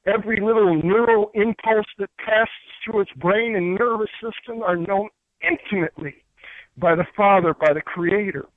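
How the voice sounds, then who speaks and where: A man's voice: high-pitched, moderate pace, no room sound. A man from upstate New York, a spiritual teacher and guest, explaining crystals and spirits in an earnest, rambling way full of fillers and restarts. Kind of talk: casual spiritual teaching talk. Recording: dry, tinny phone-line sound.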